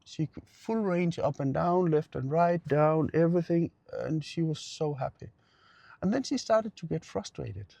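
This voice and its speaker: Middle-aged therapist, earnest storyteller, gravelly raised voice, dry sound. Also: male voice, on the high side, animated, measured pace, warm tone, dry recording. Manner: earnest, repeats phrases for emphasis. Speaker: pain therapist. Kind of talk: personal storytelling.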